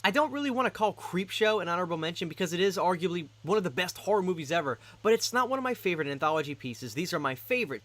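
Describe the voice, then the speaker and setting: A man's voice: sits high, fairly bright tone. A man hosting a casual horror movie vlog, talking enthusiastically to camera and often repeating himself for emphasis. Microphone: desk microphone.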